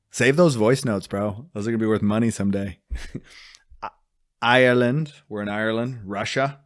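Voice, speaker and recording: A man's voice: lowish voice, a little slow, pauses often. A man co-hosting a casual podcast, playful and jokey, laughing often as he talks. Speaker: podcast co-host. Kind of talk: casual chat.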